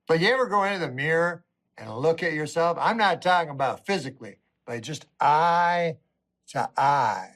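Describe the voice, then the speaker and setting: A man, a stand-up comedian, delivering a meandering, deadpan monologue. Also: mid-range voice, unhurried.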